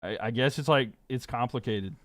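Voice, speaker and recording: Casual male streamer, Southern US accent, rambling and laughing, mid pitch, dry close mic. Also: moderate pace, a bit bright, no echo. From American South. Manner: laid-back, rambling, fillers, laughs often. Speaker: sports streamer. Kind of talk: casual live-stream chat reading comments.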